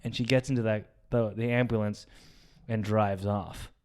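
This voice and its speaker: A young man with a fairly low pitch and clean tone speaks at a moderate pace while co-hosting a podcast. He narrates a story with casual energy, swearing and acting out each person's voice.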